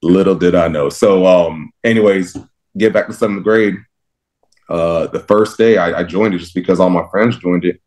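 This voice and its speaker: A young man from Texas, a pro linebacker, telling stories in a casual interview, lively and laughing often as he acts out his younger self. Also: deep voice, moderate pace. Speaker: guest, professional football linebacker.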